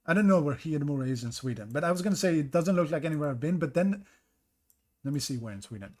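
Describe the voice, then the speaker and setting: A man's voice: a little high, animated, quick pace, darkish tone. A man streaming a map-guessing game, thinking aloud and greeting viewers in chat between guesses. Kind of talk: casual live-stream commentary.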